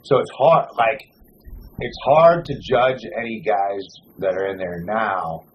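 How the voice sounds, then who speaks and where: A man hosting a wrestling podcast in casual chat, cursing freely and talking with animated swings. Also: on the low side, a little slow, a little hiss or hum, low-quality recording. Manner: profane, animated, lists names in runs. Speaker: podcast host.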